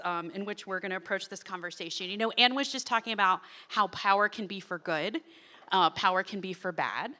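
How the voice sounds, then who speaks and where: A woman's voice: mid-range voice, sharp tone. A woman moderating a conference panel on stage, chatty, with frequent ums and small laughs. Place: conference stage before an audience.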